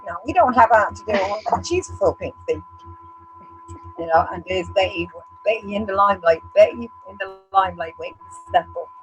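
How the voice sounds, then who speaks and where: A woman's voice: mid-range voice, a little fast, faint music behind, low-quality recording. A woman co-hosting a casual chat show, blunt and sweary, acting out what others say about her. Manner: blunt, sweary, animated, acts out other people's remarks. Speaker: co-host.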